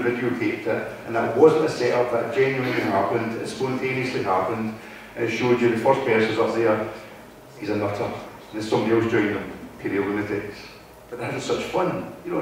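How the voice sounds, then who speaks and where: A guest speaker from Wigan, Lancashire, in North West England, gives a conversational talk to a live audience in a meeting hall, frequently checking in with the room. His voice is mid-range, with slight background noise. The recording is very echoey, captured from far off in the hall.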